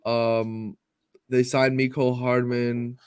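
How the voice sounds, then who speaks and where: A man co-hosting a casual sports podcast who runs through team news in a measured way. His voice is smooth and clear, at a middle pitch, and the sound is dry and close. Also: flat delivery, a little mellow, no echo. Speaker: podcast co-host.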